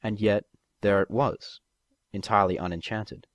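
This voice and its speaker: A man's voice: on the low side, fairly even intonation, moderate pace, dry recording, muffled recording. A man reading a fan fiction story aloud as narrator. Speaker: story reader.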